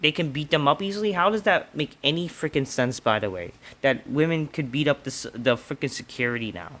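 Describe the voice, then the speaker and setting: A young man rants through a wrestling show review in a casual, exasperated way. His voice is bright and forceful, and he swears often and pads his sentences with fillers. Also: on the high side, expressive, a little fast. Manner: profane, exasperated, heavy with fillers.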